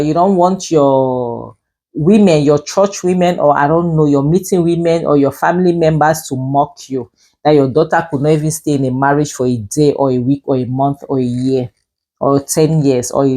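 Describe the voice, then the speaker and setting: Woman with a low voice ranting about a drama episode, scolding, lots of "you know". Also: normal speed, dark tone. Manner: emphatic and scolding, with many "you know" fillers. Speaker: drama series reviewer. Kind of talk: opinionated review commentary.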